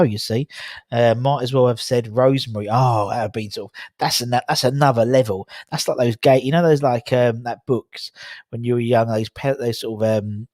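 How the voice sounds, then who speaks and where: A man's voice: mid-range voice, darkish tone, dry recording, studio quality. A young man, hosting a casual livestream, reading the chat aloud and laughing at tongue twisters. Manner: chatty, laughing at tongue twisters, rambling with fillers.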